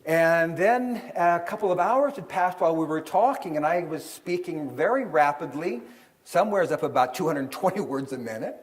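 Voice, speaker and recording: A man's voice: a little high, expressive, normal speed. A middle-aged man, an author and seminar speaker, telling a story to a live audience and acting out the voices in it. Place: event hall with an audience.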